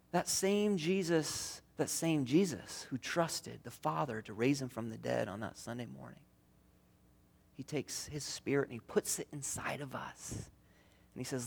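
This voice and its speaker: A man's voice: on the high side, expressive, normal speed, creaky. Earnest pastor, man, preaching. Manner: earnest, rising and falling between loud emphasis and hushed tenderness. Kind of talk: sermon. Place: church.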